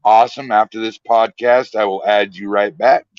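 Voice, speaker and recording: A podcast guest who founded a paranormal team tells stories in a relaxed drawl. His voice sits on the low side with fairly even intonation and a normal pace. The recording is dry, dull and lo-fi.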